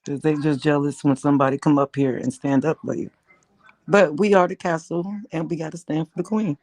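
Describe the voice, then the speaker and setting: A woman's voice: deep voice, fairly even intonation, a little fast, a little mellow. A woman guest on a livestream with a Southern US accent, speaking bluntly and emphatically in support of the host. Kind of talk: casual supportive chat.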